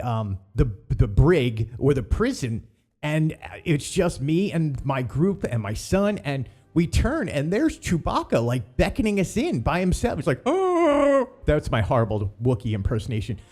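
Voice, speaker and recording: A man's voice: on the high side, mellow. A middle-aged man hosting a theme-park news show in casual, rambling chat full of ums and uhs.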